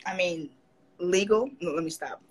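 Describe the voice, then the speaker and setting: A woman's voice: on the low side, moderate pace, background noise. A woman guest in a casual interview, telling stories animatedly and acting out what others said. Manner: animated, quotes others in put-on voices.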